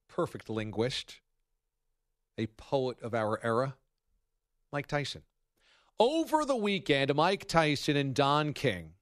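A man hosting a sports talk radio show, telling stories in a wry, animated way. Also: mid-range voice, no echo, studio quality.

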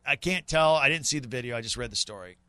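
A man co-hosting sports talk radio, emphatic and quick in banter. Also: medium pitch, lively intonation, pushed and bright, no room sound.

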